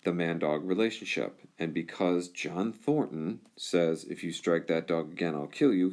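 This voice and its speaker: Man, very low voice, teacher, screencast lesson, casual, reassuring. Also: darkish tone. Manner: informal, reassuring, often checks in with "all right?" and "okay?". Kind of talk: explaining test directions over a whiteboard screencast.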